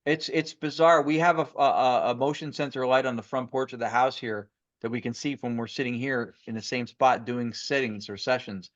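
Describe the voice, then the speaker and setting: A man's voice: mid-range voice, fairly even intonation, normal speed, hardly any pauses, dry recording. A man, a guest on a podcast, telling stories eagerly in a rambling way with many restarts. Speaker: guest paranormal investigator. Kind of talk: casual podcast storytelling. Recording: muffled lo-fi audio.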